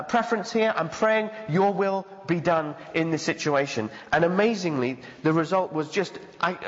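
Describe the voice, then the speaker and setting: A man preaching a sermon as pastor, earnest and conversational, acting out the voices he quotes. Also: sits high. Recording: dull sound with long hall reverb.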